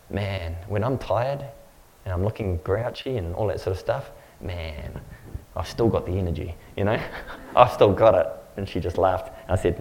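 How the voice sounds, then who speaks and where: A man's voice: medium pitch, darkish tone, rough recording. A man giving a sermon as a pastor, telling a story in a rambling, conversational, self-mocking way. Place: church.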